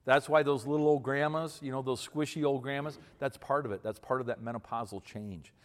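A man's voice: mid-range voice, steady tone, a little fast. A man in his fifties giving folksy, emphatic advice to an audience, often repeating himself for emphasis. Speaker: speaker giving marriage advice to men. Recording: long hall reverb.

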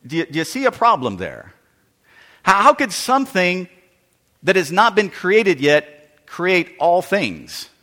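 A man, a pastor, telling a story in a sermon with animated, emphatic delivery and frequent repetition. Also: high-pitched, a little slow, big-room sound.

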